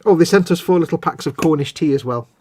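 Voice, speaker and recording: A man's voice: on the high side, quick pace, slight background noise. A man chatting casually and jokily while playing a game on stream, rambling from one tangent to the next. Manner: rambling, jokey, animated. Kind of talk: casual chat over gameplay.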